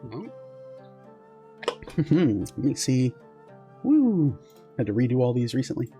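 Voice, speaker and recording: A man's voice: medium pitch, very animated, slow, warm tone, soft background music. A man narrating as game master of a tabletop game, casual with lots of fillers and restarts.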